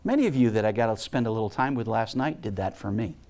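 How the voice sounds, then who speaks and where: A man's voice: on the low side, fast talker. A man giving a heartfelt storytelling talk to a spiritual community, acting out the voices of people in his stories. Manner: animated storyteller, acts out voices. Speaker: guest speaker and musician.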